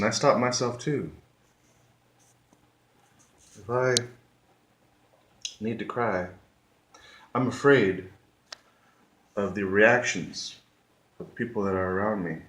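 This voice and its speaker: Slow, earnest man in an echoey room. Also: fairly low pitch. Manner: slow, earnest, with emphatic repetitions. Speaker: vlogger. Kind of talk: reflective talk to camera.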